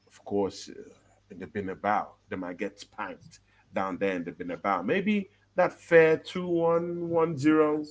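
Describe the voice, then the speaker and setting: Speaking on the low side at a measured pace, this man co-hosts a football chat show. He is animated and casual, breaking into laughs, and builds his argument by repeatedly asking "yeah?" and "right?".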